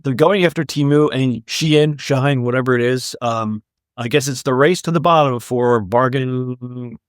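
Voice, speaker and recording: A man's voice: medium pitch, normal speed, clear, resonant tone, no echo, clean studio sound. A man co-hosting a retail news podcast, reading the stories with wry, sarcastic asides in casual chat. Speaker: podcast co-host.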